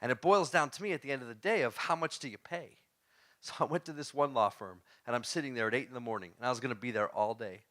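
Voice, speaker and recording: A man giving a storytelling talk to a live audience. He is animated, laughs often, and throws questions at the crowd. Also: medium pitch, fast. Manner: laughs often while telling stories. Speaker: motivational speaker.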